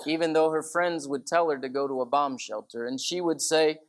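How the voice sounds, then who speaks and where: A male priest giving a sermon talk, telling stories in a conversational, lively way. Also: fairly high pitch, moderate pace, few pauses. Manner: conversational, animated when quoting. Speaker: Orthodox priest.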